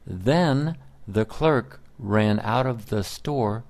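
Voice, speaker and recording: A man reading simple stories aloud for English learners, in deliberate, plain sentences. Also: on the low side, expressive, a little mellow. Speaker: narrator. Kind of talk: slow scripted story narration for English learners.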